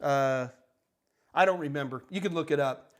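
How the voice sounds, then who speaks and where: A man's voice: a little high, moderate pace. An older man hosting a live tech Q&A, answering chat questions in a blunt, emphatic, ranting way. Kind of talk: live Q&A stream.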